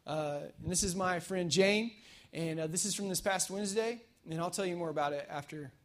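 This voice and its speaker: Guy pastor, kinda high voice, talks fast and loose like he's just chatting, church sermon. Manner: energetic, conversational storytelling with fillers. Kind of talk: casual sermon. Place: church service.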